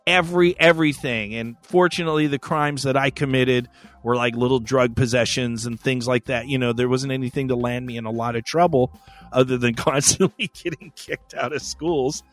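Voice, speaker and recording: A man's voice: mid-range voice, normal speed, faint music behind. A man hosting a podcast, talking candidly and casually, with frequent swearing and laughter. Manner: candid, profane, laughs often. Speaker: podcast host. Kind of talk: casual chat.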